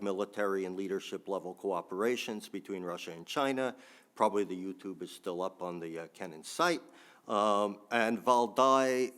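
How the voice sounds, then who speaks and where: A man's voice: on the low side, a bit bright. A man giving a think-tank panel talk with frequent ums and restarts, adding dry asides.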